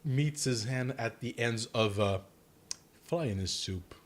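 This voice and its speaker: A man's voice: medium pitch, takes it slowly. A man co-hosting a film review podcast, talking in a rambling, hesitant way with many restarts. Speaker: podcast co-host. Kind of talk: casual film review chat.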